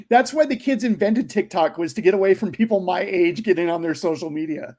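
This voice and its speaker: A man co-hosting a podcast, agreeable and quick to laugh in casual chat. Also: high-pitched, lively intonation, a little mellow. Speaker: podcast co-host.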